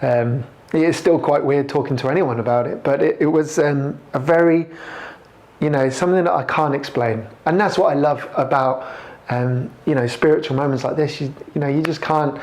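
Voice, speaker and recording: Man, personal testimony to camera, halting reflective delivery, slightly high voice. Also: darkish tone. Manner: halting, reflective, many restarts. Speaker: convert sharing his story.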